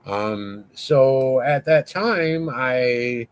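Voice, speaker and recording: A man guesting on an interview, telling a story in a rambling, excitable way, full of swearing and fillers. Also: medium pitch, extremely slow, clear, resonant tone, no room sound. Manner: rambling, profane, lots of fillers; excitable, voice rising as he tells it.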